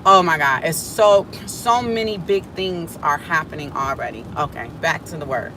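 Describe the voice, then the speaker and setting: A woman talking casually and excitedly to her live viewers from her car, speaking into a phone on a stand. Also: sits low, normal speed. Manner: casual, excitable, chatty slang. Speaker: prophetic content creator. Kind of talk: live prophetic vlog chat. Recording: car road noise behind.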